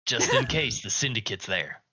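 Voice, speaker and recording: A man's voice: mid-range voice, lively intonation, moderate pace, a loud crowd. A man playing a tabletop game, laid-back and questioning in casual in-character talk.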